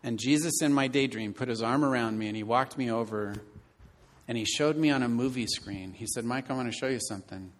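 In this sermon, a man in his fifties who serves as a pastor tells a personal story with earnest feeling. His medium-pitched voice moves fairly quickly, shifting from loud emphasis to quiet passages.

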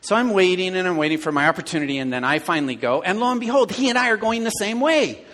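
A middle-aged man preaching a sermon to his church, telling stories with animated, acted-out inner dialogue. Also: sits high, fast talker. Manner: animated storytelling, acting out his own inner voice. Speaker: pastor.

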